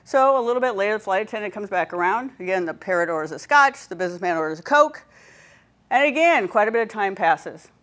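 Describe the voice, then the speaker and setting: A woman's voice: mid-range voice, animated, quick pace, fairly bright tone. A woman leading a training workshop, telling stories and checking in with her audience. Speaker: workshop presenter.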